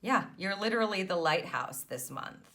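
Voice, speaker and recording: A woman's voice: mid-range voice, animated, moderate pace, pushed and bright. A woman reading cards as an intuitive guide, soothing and affirming, often tagging her lines with "right?". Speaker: tarot reader and intuitive mentor. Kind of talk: spiritual card reading monologue.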